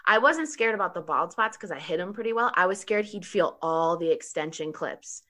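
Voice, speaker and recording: A woman telling a personal story in casual conversation, animated, laughing often and saying 'like' a lot. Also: on the low side, a little fast.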